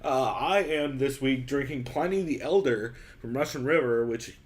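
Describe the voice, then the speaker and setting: A man's voice: mid-range voice, moderate pace. A man hosting a podcast, chatting casually with a co-host in a profane, joking way.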